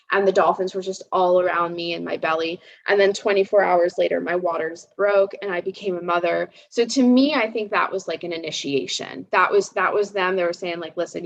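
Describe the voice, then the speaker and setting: A woman in her thirties, a psychic guest in a casual live chat, telling stories in an animated way with many restarts and fillers. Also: mid-range voice. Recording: slightly dull lo-fi sound.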